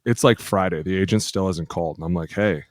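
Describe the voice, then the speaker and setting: A man talking fast and loose on a podcast, trading rowdy, profane stories and acting out every voice in them. His voice sits a bit low, and the sound is close and dry with no room around it. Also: no room sound. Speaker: podcast co-host, former football lineman. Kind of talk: casual podcast chat.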